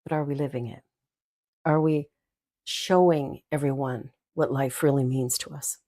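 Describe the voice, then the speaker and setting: A woman's voice: very deep voice, fairly even intonation, measured pace. An older woman, a minister hosting her own show, telling stories and giggling as she talks. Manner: warm storytelling with giggles and asides. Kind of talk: inspirational talk.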